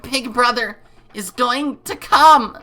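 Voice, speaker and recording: A woman's voice: lowish voice, expressive, normal speed, pushed and bright, faint music behind. A woman voicing a frightened, devoted little girl in a game reading, timid and pleading. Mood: desperate. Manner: timid, pleading, calling for her brother.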